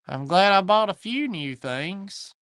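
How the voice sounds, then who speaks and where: A man's voice: sits high, expressive, takes it slowly, fairly bright tone, no room sound. A man with a Southern US accent hosting a live online antique sale from his shop, chatting folksily and greeting viewers by name. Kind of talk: livestream chat, reading viewer comments.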